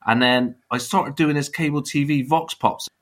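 A man's voice: fairly high pitch, steady tone, moderate pace, a bit bright. A man in his fifties with a Bristolian accent, a blunt, chatty interview guest who laughs and swears easily. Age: 50s. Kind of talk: casual interview chat.

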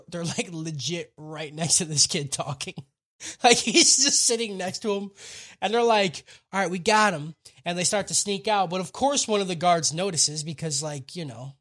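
A man casually recapping an anime episode with friends, swearing a lot, laughing often and acting out characters in quick quotes. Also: on the high side, a bit bright. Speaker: podcast co-host recapping an anime. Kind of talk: casual profane chat.

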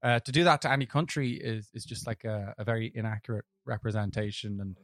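A man's voice: on the low side, quick pace, dry recording. Irish guy ranting about films, dry sound. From Ireland. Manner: rambling, animated, lots of fillers and restarts. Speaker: podcast co-host. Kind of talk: casual film-review chat.

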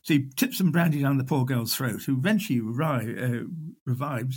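An older man, a historian, telling wartime anecdotes in an animated way. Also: mid-range voice, normal speed, husky. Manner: animated raconteur, acts out voices. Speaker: historian guest. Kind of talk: storytelling interview.

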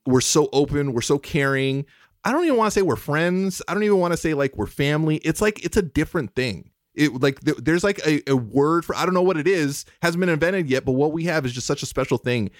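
A man's voice: on the high side, expressive, brisk, no room sound, clean studio sound. A man co-hosting a podcast in casual chat, heartfelt and emotional, rambling and restarting his sentences. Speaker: podcast co-host.

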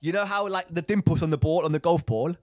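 A young man telling a story in a casual podcast chat, with animated, rambling delivery that circles back and repeats phrases. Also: a little high, fast talker, no echo, studio quality. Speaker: podcast co-host.

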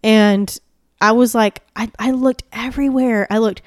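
A woman's voice: fairly high pitch, fairly even intonation, a little slow, no echo, clean studio sound. A woman co-hosting a casual true-crime podcast, retelling a story conversationally with lots of "like" and "yeah". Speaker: podcast co-host.

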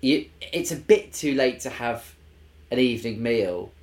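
A man's voice: mid-range voice, animated, a little slow, a little mellow. A man co-hosting a podcast, rambling through playful guesses in casual chat. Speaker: podcast producer and co-host.

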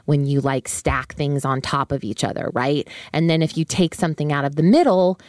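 A woman's voice: low voice, normal speed, a little mellow, no room sound, clean studio sound. A woman hosting a solo finance podcast, explaining credit casually and conversationally with frequent fillers and asides. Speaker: podcast host on personal finance.

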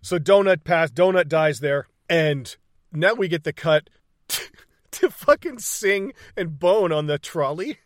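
A man's voice: fairly high pitch, lively intonation, measured pace, dry recording, clean studio sound. Profane, laughing man recapping a movie. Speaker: podcast co-host. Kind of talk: casual movie recap chat.

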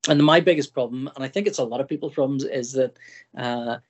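A middle-aged man from Northern Ireland talks as a podcast guest in an easygoing, conversational way. He rambles, restarts his sentences and slips into little acted-out versions of his own thoughts. His voice sits at an ordinary middle pitch. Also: a little fast, husky. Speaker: comic artist guest.

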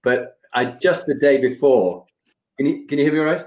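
A man's voice: mid-range voice, moderate pace, a little mellow, muffled recording. A man hosting an interview, chatty and telling his own stories. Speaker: host. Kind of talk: casual podcast interview.

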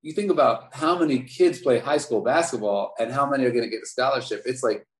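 A former basketball player from Baltimore, USA, in his 40s, tells stories as a podcast interview guest, animated and repeating words. His medium-pitched voice moves quickly, and the roomy space adds echo.

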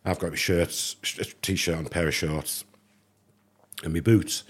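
English male guest, low and husky, chatty anecdote teller voicing the other people. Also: takes it slowly. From England. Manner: animated anecdote teller, acts out dialogue. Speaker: podcast guest. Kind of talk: casual storytelling.

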